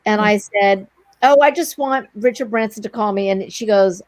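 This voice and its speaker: Animated woman telling a story. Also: mid-range voice, moderate pace, dry recording. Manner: animated, breathless anecdote telling with quoted dialogue. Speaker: guest, entrepreneur. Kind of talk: storytelling in a casual interview.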